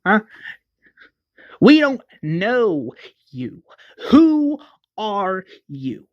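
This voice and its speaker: A man's voice: fairly high pitch, slow pace, no echo, muffled recording. A man voicing a suspicious, confrontational male stranger who threatens with a gun. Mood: hostile. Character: suspicious armed man searching for sister.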